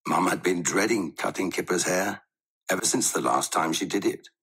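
Gravelly man reading a children's story. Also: sits low, normal speed. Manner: expressive, animated. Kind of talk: children's storybook read-aloud.

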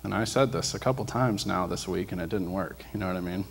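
A man giving a sermon testimony at church, telling his story with excitement and acting out the dialogue. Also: low voice, quick pace, creaky. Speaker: guest speaker sharing a testimony. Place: church sanctuary. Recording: long church hall reverb.

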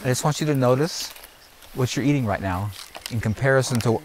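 Speaking a little fast in a medium-pitched voice, a man leads a garden tour outdoors and lectures the group emphatically, almost preachily. He repeats phrases and checks in with "are you hearing me?" Slight background noise sits under the low-quality audio.

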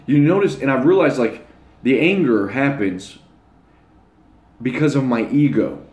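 A man's voice: medium pitch, expressive, measured pace, a little mellow. A young man talking casually to his channel's viewers, blunt and rambling, with crude slang. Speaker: channel host. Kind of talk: casual monologue to camera. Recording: echoey room.

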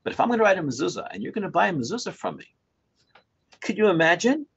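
Animated older male storyteller, husky voice. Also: high-pitched, rapid-fire. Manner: animated storyteller who acts out dialogue; chuckles often while talking. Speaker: Torah scribe. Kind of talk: storytelling talk to a small group. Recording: dull lo-fi recording.

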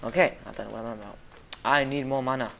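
A young gamer mutters quietly to themselves during gameplay and breaks into loud yells and shrieks at enemies. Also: medium pitch, quick pace, vocal fry, a little hiss or hum. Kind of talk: gameplay commentary.

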